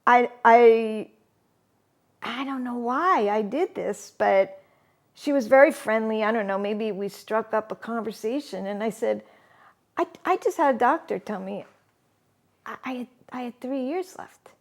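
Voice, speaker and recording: Middle-aged woman interviewee, slightly high voice, unhurried and halting, laughs through her story. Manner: halting, often laughs mid-sentence. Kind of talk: candid personal storytelling.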